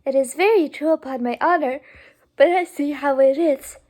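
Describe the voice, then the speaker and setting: Gushing young lady voiced by a woman, breathless exclamations, high voice, mellow tone. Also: moderate pace, close to an everyday voice.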